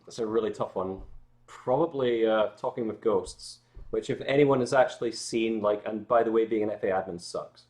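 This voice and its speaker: A man's voice: on the low side, moderate pace, darkish tone. A Scottish man chatting casually as a guest on a livestream, rambling with lots of filler words and jokey asides. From Scotland. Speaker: guest musician.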